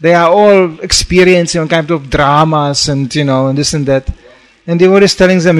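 A man's voice: on the high side, expressive, a little fast. Storytelling man preaching a sermon. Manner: storytelling with acted-out quotes, frequent "you know". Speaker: monk preacher.

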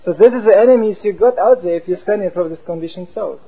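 A male preacher delivers an animated talk and keeps slipping into the voices of the characters he describes. His voice sits slightly high and has a gravelly, husky grain. The recording is thin and narrow, like a phone call. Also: fast. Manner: animated, acts out inner voices. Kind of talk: sermon-style talk. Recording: tinny phone-like sound.

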